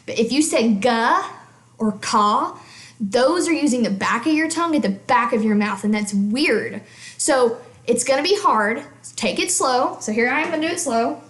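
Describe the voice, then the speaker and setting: This music teacher has a fairly high pitch and lively intonation, talking at a moderate pace in a roomy-sounding space. She explains things casually and chattily, often pausing to ask the listener "okay?"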